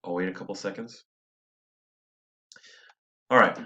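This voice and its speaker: A man's low voice, pushed and bright, delivers a poetry lesson with lines read slowly and syllables stressed, plus small self-corrections as he thinks aloud. The highs of the recording are cut off.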